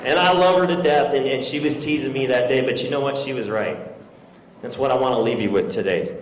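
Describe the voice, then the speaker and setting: A man giving a graduation keynote, telling a story with animated swings between yelling and quiet sincerity. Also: medium pitch, brisk, a little hiss or hum. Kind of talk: storytelling speech. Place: large hall with an audience. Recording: echoey hall with long reverb.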